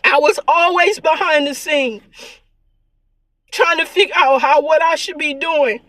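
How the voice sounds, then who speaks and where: A woman vlogger with a high voice speaks in an earnest, preachy monologue and repeats her points. She sounds tearful, and the recording is close and dry with no room sound. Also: unhurried, a bit bright, dry recording. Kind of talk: emotional spiritual vlog monologue.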